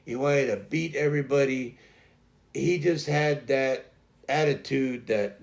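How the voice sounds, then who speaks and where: Man, livestream host, casual rambling chat, gravelly voice, home with dogs. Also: medium pitch, unhurried. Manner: rambling, loose grammar, talks to his dogs.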